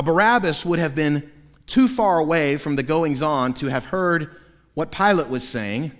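A man preaching a sermon as pastor, telling the story dramatically and swinging between loud passages and hushed ones. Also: on the high side. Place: church sanctuary. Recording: long reverb of a large hall.

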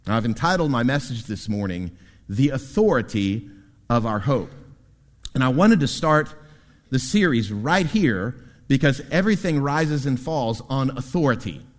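Male pastor, sermon delivery, lively and expressive, recorded with long church-hall reverb. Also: medium pitch, moderate pace. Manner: animated preaching with asides to the congregation. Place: church sanctuary.

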